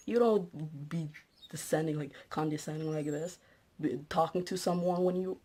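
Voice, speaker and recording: A woman's voice: lowish voice, a little mellow. A young woman telling a story in a casual vlog, indignant and ranting with rhetorical questions. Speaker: vlogger.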